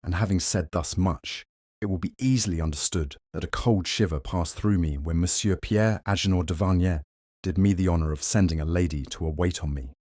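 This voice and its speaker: A man reads a classic short story aloud in a very deep voice. The sound is dry and close, with no room around it. His delivery stays measured and even. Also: no room sound. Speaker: narrator.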